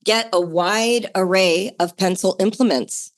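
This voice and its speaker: A middle-aged woman hosting a homeschooling podcast, talking in a chatty, enthusiastic way that jumps higher for emphasis. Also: unhurried. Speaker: podcast host.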